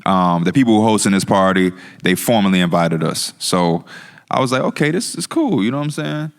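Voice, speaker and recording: A man's voice: sits low, expressive, a little fast, clean tone. A man co-hosting a live podcast, telling a story in a slangy, laughing way. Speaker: podcast co-host.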